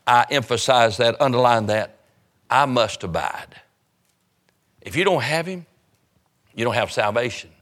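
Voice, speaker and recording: A man's voice: medium pitch, fairly bright tone. A man preaching an evangelistic sermon, urgent and fervent, hammering home repeated phrases.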